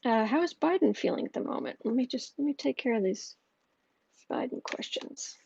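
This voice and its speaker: A woman hosting a tarot livestream in casual chat, thinking aloud slowly with many fillers and restarts. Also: high-pitched, expressive, vocal fry, a little mellow, husky, dry recording, lo-fi sound.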